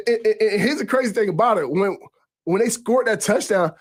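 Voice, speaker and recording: A man in his thirties with a somewhat high voice tells old game stories as a radio guest. He talks in an animated, loose way, stacking repeated words as he goes, and his pitch leaps up whenever he acts out what a teammate said. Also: moderate pace. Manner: animated, pitch jumps high when quoting others; repeats words while gathering thoughts. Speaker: former quarterback guest. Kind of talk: casual sports talk storytelling.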